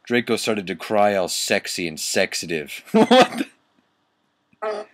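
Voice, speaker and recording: A man's voice: on the low side, wildly swooping pitch, slow pace, dry recording. A young man doing a comic reading of a bad story, mocking and swearing at the text. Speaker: reader.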